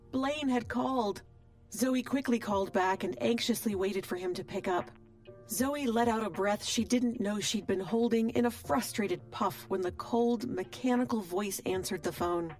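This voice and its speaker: A woman at an ordinary middle pitch narrates a romance audiobook. Her telling is steady and expressive. Soft music plays faintly underneath. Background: soft background music.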